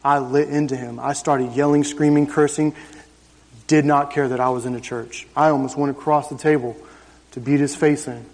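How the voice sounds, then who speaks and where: A man's voice: mid-range voice, fairly even intonation, moderate pace, darkish tone. A man in his thirties telling his personal testimony to a church congregation, in an emphatic, conversational storytelling way. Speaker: church member giving testimony. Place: church service. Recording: reverberant church hall.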